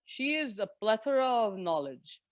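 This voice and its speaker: A woman in her forties from India, a former professional golfer, telling lively and candid stories as an interview guest. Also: fairly high pitch, normal speed, dry recording. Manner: lively, candid anecdotes with frank swearing. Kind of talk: storytelling in a conversation.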